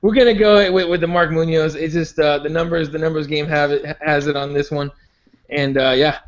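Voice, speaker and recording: A man's voice: fairly high pitch, steady tone, fairly quick. A man hosting a casual chat podcast about fights, rambling with many restarts and fillers. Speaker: podcast host. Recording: dull lo-fi sound.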